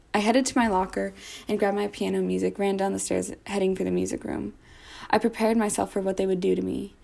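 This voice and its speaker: A woman's voice: mid-range voice, gravelly, a little mellow. A woman reading aloud from a first-person story, with dramatic delivery and small slips and restarts. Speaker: reader of her own story.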